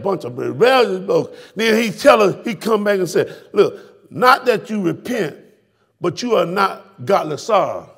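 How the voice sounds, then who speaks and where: A man preaching a fiery sermon in a church, shouting and calling out to his congregation. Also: high-pitched, sing-song, unhurried, gravelly, breathy edge. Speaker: pastor. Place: church sanctuary.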